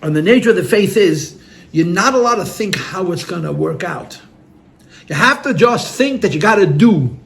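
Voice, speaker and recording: A man speaking as a rabbi tells stories to a gathering in a room full of listeners, earnest and heartfelt, repeating his words and using Yiddish and Hebrew terms. His voice sits high and creaky, with lively intonation at a moderate pace.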